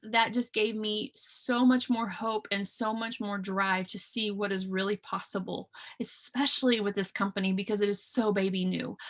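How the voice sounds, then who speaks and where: This thirties-aged woman hosts a business video call as team leader, her medium-pitched voice a bit bright. Her motivational talk is casual, earnest and chatty, full of fillers and restarts.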